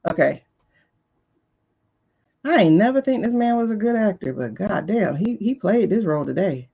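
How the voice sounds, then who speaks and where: A woman's voice: medium pitch, big pitch swings, normal speed, creaky, dark tone, husky. A woman hosting a live stream, giving casual, exasperated running commentary as she talks back to footage she is watching. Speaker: host of a live tarot stream. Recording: lo-fi stream audio.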